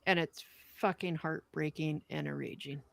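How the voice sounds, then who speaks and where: A woman co-hosting a podcast, reading a wartime poem aloud with earnest, measured delivery and chatting casually with her co-host. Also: sits low, steady tone.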